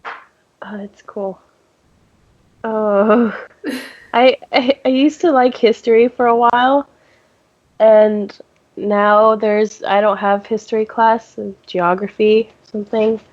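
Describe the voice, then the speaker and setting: A woman's voice: fairly high pitch, level tone. A teenage girl co-hosting, sick with a cough, laughing often as she talks. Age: teens. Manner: laughs often, drawling and slow. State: coughing cold. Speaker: co-host. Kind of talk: casual interview chat. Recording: muffled call audio.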